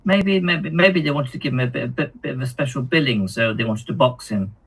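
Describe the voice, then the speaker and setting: Male co-host, bright but husky tone, halting casual chat with restarts. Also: medium pitch, poor audio. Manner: apologetic, hesitant, stumbling over words. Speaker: co-host of a tabletop gaming stream. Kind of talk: casual live-stream chat.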